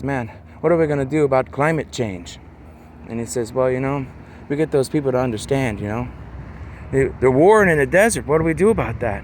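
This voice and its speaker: A man talking in a loose, rambling monologue, peppering his talk with "man" and "you know" and slowing down to stress words. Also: medium pitch, a little hiss or hum.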